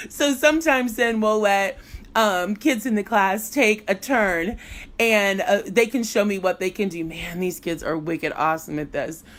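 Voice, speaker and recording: A woman's voice: mid-range voice, fairly bright tone. Chatty, playful middle-aged woman teacher. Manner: chatty and playful, laughs often. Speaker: music teacher and blogger. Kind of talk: casual live online teaching demo.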